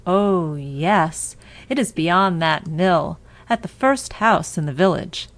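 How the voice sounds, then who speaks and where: A woman voicing an innocent little girl in a storybook reading, with quick, eager lines. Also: fairly low pitch, lively intonation, dry recording.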